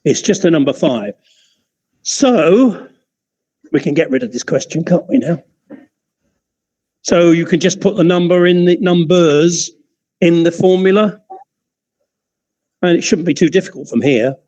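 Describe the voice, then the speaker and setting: A man's voice: on the high side, a little slow, long pauses, dark tone, muffled recording. A man teaching an optics class in an informal, chatty way, often digressing and restarting his sentences. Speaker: optics lecturer.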